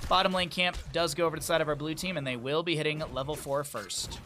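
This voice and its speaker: A man's voice: on the high side, steady tone, fast talker, noisy background. A man casting a video game match play by play, calling the action and slipping in chatty, joking asides. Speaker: esports caster.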